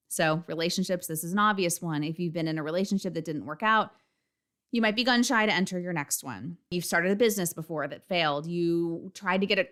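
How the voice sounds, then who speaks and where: A woman in her thirties hosts her own solo podcast in a lowish, slightly bright, smooth voice. She talks candidly and emphatically, frank and swearing often.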